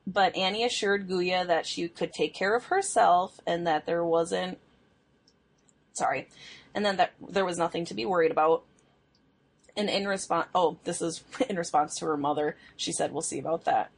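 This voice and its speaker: A young woman co-hosting a podcast, casually telling a true crime case, chatty and quick to laugh. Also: on the low side, slightly rough. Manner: chatty storytelling, laughs often, swears. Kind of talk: casual chat.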